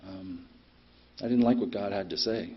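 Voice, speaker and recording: Husky middle-aged man sharing at a meeting. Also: lowish voice, normal speed. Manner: plainspoken, frequent ums, blunt cursing. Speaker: speaker at a recovery meeting. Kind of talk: personal recovery share. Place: meeting room. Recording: dull lo-fi meeting recording.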